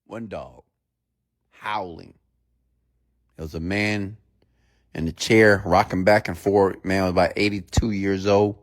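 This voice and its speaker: Emphatic low-voiced motivational preacher. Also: male voice, fairly even intonation, a little slow, long pauses. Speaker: motivational speaker. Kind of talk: motivational sermon.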